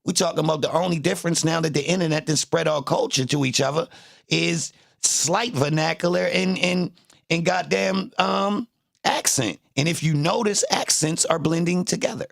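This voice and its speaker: A man rants in emphatic, profane street-style commentary. His voice has a gravelly fry. The sound is dry and close, with no room echo. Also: on the high side, normal speed. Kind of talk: casual streamed commentary.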